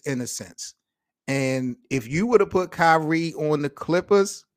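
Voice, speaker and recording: Man, sports talk host, slangy, excitable, incredulous, fairly high voice, dry sound. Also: no echo. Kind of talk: animated sports talk commentary.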